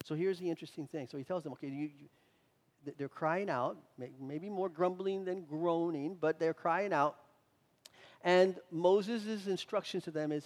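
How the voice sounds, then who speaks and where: A man's voice: sits high, animated, normal speed, darkish tone. A male pastor preaching a sermon, building in intensity and repeating words as he drives points home. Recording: reverberant hall.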